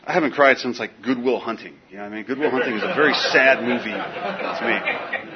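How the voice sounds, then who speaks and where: A man telling a personal story in casual, animated speech, full of "dude" and "man". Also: medium pitch, fast talker, crowd noise. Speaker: guest telling his recovery story. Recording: dull lo-fi recording with faint hiss.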